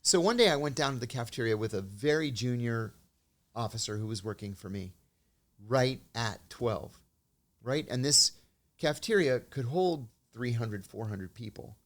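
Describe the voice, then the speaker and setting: A man's voice: mid-range voice, normal speed. A man, a guest in an interview, speaking casually and telling anecdotes, sometimes acting out the lines of the people in his story. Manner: anecdotal, acts out quoted dialogue. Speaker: interview guest, former intelligence officer.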